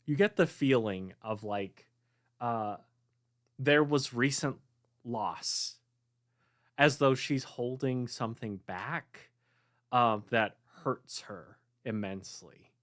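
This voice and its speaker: A game master running a tabletop role-play game, halting with many fillers and often giggling. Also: mid-range voice, no echo, studio quality.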